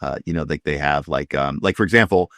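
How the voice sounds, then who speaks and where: A man's voice: a bass voice, fast, a bit bright, no room sound, clean studio sound. A man running a tabletop game, explaining rules in a rambling way with many fillers and restarts. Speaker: game master. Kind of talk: casual tabletop game chat.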